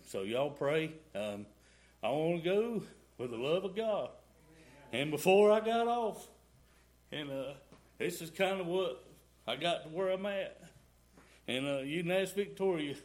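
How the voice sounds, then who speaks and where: Folksy man testifying in church. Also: fairly high pitch. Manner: rambling folksy storytelling, y'all and ain't. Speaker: church speaker giving testimony. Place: church sanctuary.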